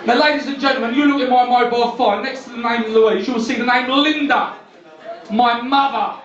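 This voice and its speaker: A man's voice: very high voice, fairly even intonation, a little fast, distant mic, crowd noise. A man with a London accent doing stand-up as a brash, cheeky cab driver in a pub comedy venue. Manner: brash, cheeky, leaning on tag questions. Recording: dull roomy club recording from afar.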